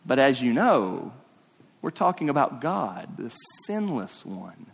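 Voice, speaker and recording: A man preaching a sermon to his congregation as pastor. He repeats phrases for emphasis and asks them questions, swinging between hushed, drawn-out lines and rising, emphatic ones. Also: mid-range voice, big pitch swings, vocal fry, breathy edge. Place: church sanctuary. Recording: long reverb of a church hall.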